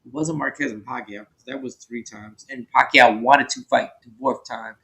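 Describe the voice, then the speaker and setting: A man's voice: mid-range voice, fairly even intonation, normal speed, gravelly, fairly bright tone, low-quality recording. A man in casual chat, thinking aloud about a question with emphatic bursts.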